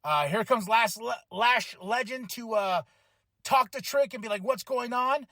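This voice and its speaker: Excitable high-voiced man recapping wrestling. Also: measured pace, no room sound. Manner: excitable, acts out quotes, swears, laughs often. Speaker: podcast host.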